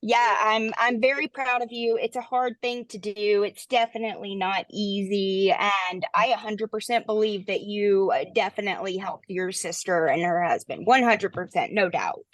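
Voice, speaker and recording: A woman's voice: medium pitch, steady tone, moderate pace, few pauses, no echo. A woman in a casual group session, speaking in an encouraging, supportive way. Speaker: workshop participant.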